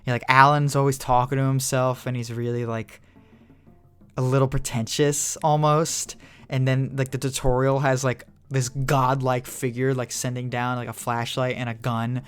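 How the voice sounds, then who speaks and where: A man's voice: mid-range voice, level tone, moderate pace, clean tone. A young man co-hosting a podcast, rambling in casual chat with lots of "like" fillers and casual swearing. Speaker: podcast co-host.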